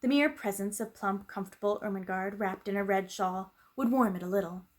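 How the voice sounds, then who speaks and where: A woman reading a children's storybook aloud as a storyteller, gentle and unhurried. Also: mid-range voice.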